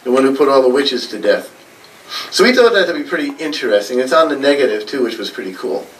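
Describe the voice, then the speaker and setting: A man's voice: medium pitch, very animated, fast talker, slight background noise. A man with a New England accent giving a casual, rambling storytelling talk to a library audience, with many fillers. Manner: rambling, chatty, with frequent fillers and laughs. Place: library meeting room. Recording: voice a little far from the mic.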